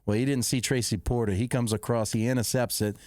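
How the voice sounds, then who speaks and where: A man's voice: mid-range voice, a little fast, no echo, clean studio sound. Rambling man telling game stories. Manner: rambling, self-correcting, excitable sports recounting. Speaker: podcast host. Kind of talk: casual storytelling.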